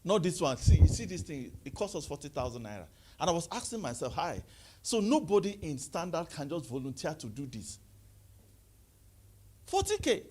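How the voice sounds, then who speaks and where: Man, motivational speaker, call-and-response, lively swooping pitch. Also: a little fast, breathy edge. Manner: call-and-response, rising to high exclaims. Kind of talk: animated motivational talk to a live audience.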